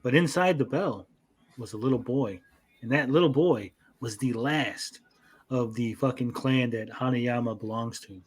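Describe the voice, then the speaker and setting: Male co-host, casual and profane, mid pitch, breaks into quick quoted voices while recapping. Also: slightly rough. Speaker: podcast host. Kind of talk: casual chat.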